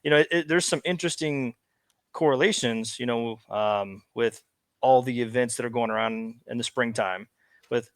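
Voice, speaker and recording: A man's voice: medium pitch, normal speed, dry recording, studio quality. A man co-hosting a podcast, talking casually with a questioning tone and lots of fillers. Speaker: podcast co-host. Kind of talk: casual conversational chat.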